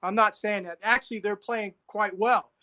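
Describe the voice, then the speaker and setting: A man's voice: high voice, steady tone, moderate pace, pushed and bright. A man co-hosting a casual sports talk show, insistent, repeating himself and checking agreement with "right?". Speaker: podcast co-host.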